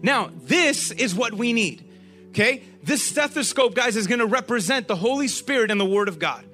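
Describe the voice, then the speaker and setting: A man preaching a sermon to a group, animated and often asking them questions. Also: very high voice, moderate pace, soft background music.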